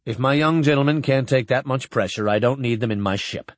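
A man's voice: mid-range voice, a little fast, dry recording, natural voice. Man playing a firm starship captain.

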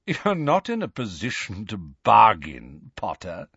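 A cold aristocratic villain drawls each word with open contempt, as a male reader puts him on. The voice sits a touch husky, and the recording is dry and slightly dull. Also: fairly low pitch, wildly swooping pitch, unhurried, a bit bright, no echo, exaggerated voice. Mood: sneering. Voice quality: drawling, sneering.

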